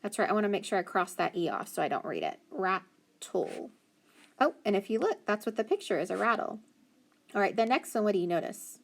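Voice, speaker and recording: Woman teaching phonics slowly. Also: medium pitch, big pitch swings, gravelly. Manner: slow, encouraging, sounds out letters. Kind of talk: phonics lesson for children.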